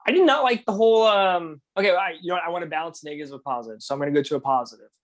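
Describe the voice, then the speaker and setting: Hesitant, slightly high male podcast co-host. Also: very fast. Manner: hesitant, many ums and restarts. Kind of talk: casual film review chat.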